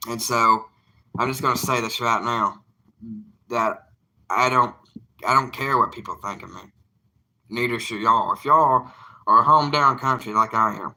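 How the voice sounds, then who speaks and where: A man's voice: mid-range voice, unhurried, pauses often, pushed and bright. A young man, an evangelist talking casually to his livestream viewers in an earnest, plainspoken, defiant way.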